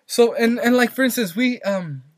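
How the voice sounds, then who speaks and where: A man's voice: very high voice, moderate pace, no echo. Rambling young man, dry close mic. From Santa Maria, California. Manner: rambling storyteller, many fillers and repeats. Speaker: podcast co-host. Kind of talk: casual chat.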